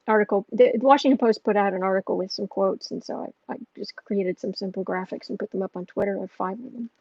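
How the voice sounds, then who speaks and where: A woman's voice: mid-range voice, vocal fry, no room sound. An American woman hosting an astrology livestream, chatting casually, rambling and reading out viewer questions. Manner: soft cooing baby talk to her cat. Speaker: astrology and tarot livestream host. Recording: muffled lo-fi mic, dry room.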